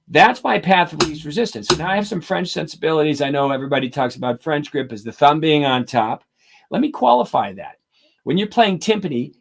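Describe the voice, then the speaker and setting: A man's voice: mid-range voice, vocal fry. A middle-aged man teaching drum technique on a live stream, explaining carefully and counting out strokes aloud in rhythm.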